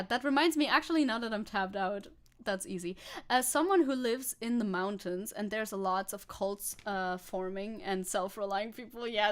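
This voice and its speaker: A young woman from Germany streaming as a VTuber, chatting casually and sarcastically, reading chat comments, swearing freely and laughing often. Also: medium pitch.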